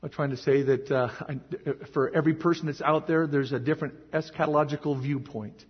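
Man, pastor, high husky voice, emphatic and emotional; echoey hall, dull recording. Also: steady tone, a little fast. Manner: emotional, emphatic, swings to shouting. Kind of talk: sermon.

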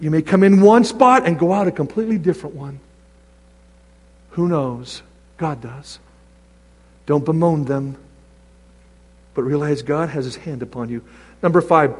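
Animated high-voiced male preacher. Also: slightly rough. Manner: animated, acts out voices and scripture readings. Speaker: pastor. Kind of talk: sermon. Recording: long reverb of a large hall.

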